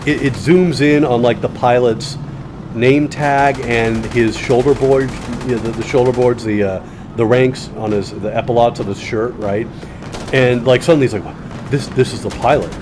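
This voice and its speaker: A man of middle pitch talks through a shooting game in a loose, sardonic ramble, full of fillers, restarts and asides. Faint gunfire and game noise sit low behind his voice. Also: steady tone, normal speed. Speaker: gaming video host. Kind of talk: casual commentary while playing a shooter.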